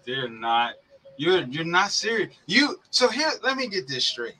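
A man's voice: on the high side, sing-song, measured pace, sharp tone, rough recording. A young man co-hosting a casual sports podcast, heated and profane, ranting and laughing as he talks. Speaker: podcast co-host.

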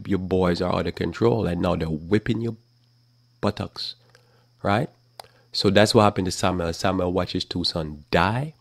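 A man preaches Bible commentary in a forceful, scolding way, now and then mocking the people he argues against. His voice sits low with a gravelly edge, and the recording is dry and close. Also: no echo. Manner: casual speech with repeated restarts. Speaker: preacher hosting a live talk program.

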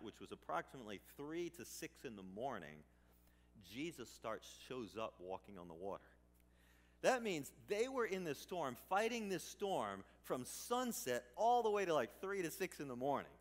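A man's voice: mid-range voice, big pitch swings, normal speed. A male pastor preaching a sermon in a conversational way, swinging up into emphatic bursts. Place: church sanctuary. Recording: church hall reverb.

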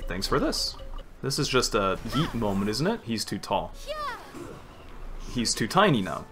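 Man, gameplay commentary, bright ringing voice, lively pitch, chatty, laughs a lot. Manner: chatty, laughs often, talks to the game. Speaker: gaming streamer.

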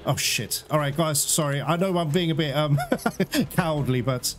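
A man's voice: fairly high pitch, moderate pace. A man giving live gameplay commentary as a channel host, often exclaiming and swearing in frustration. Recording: loud game music behind. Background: loud game music.

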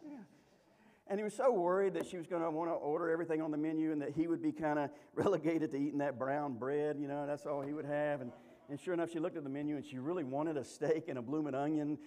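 A man's voice: a little high, fairly even intonation, quick pace, a little mellow. A male pastor preaching a sermon, telling a story in a folksy, humorous way with lots of restarts.

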